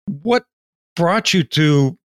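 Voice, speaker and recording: Man asking halting questions in a dry recording. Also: fairly high pitch, expressive, dry recording. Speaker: interviewer. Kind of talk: casual interview.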